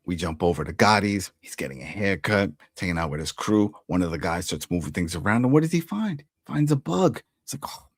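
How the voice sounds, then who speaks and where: A man talks through a TV episode in a loose, conversational way, his low voice swinging widely as he puts on quick versions of the characters' lines. The sound is dry and close, with no room around it. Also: dry recording. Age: adult who was once an altar boy. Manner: animated, acts out character lines in quotes. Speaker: TV recap host. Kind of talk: casual recap commentary.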